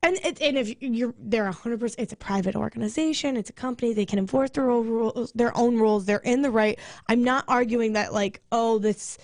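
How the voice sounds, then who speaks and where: A woman radio co-host ranting and swearing in casual chat, fired up and talking fast. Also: a little high, a little mellow, no echo, clean studio sound. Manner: angry venting, swearing, rapid rants.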